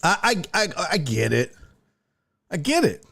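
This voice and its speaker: A man hosting a casual live-stream show, riffing profanely between bursts of laughter. His voice sits a little high and swings widely up and down. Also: big pitch swings, unhurried, vocal fry, a bit bright, husky. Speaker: sports talk show host reading chat.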